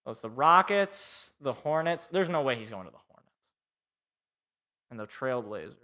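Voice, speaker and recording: Young man, sports podcast host, exasperated ranting, sarcastic, bright tense voice. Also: mid-range voice, sing-song, normal speed. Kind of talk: live reaction podcast.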